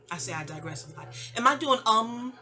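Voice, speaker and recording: A woman's voice: fairly high pitch, sharp tone. A middle-aged woman telling a long personal story in a casual, rambling way, often digressing. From New York.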